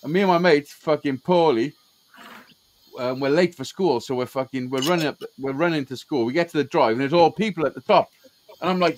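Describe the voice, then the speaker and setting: His voice runs on the high side and brisk, on a low-quality recording with slight background noise. As host of a live call-in show, he spins casual stories, swearing constantly and cracking himself up.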